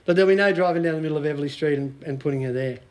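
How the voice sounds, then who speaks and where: Australian man, 40s, motivational speaker, high voice, jokey storyteller, laughs a lot. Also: very fast, a little mellow. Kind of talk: live talk to a small audience.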